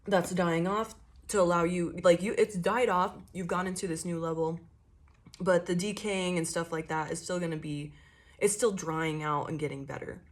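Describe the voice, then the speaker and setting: A young woman with a somewhat low voice gives a tarot reading in an easy, rambling way. She swears freely and slips into quick voiced inner monologues as she talks. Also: fairly even intonation. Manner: loose, chatty and profane, acting out inner monologues. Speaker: tarot reader. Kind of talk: casual channeled tarot reading.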